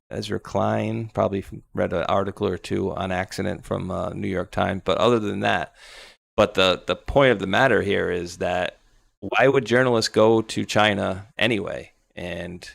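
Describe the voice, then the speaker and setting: With a voice on the low side, fairly bright in tone and marked by vocal fry, this podcast co-host chats loosely about politics. He rambles casually and drops sarcastic asides.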